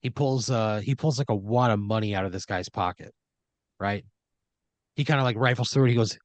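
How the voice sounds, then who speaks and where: A man's voice: fairly low pitch, brisk, no room sound. Rambling man spinning an improvised story. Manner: rambling, many fillers, jumps into quoted voices.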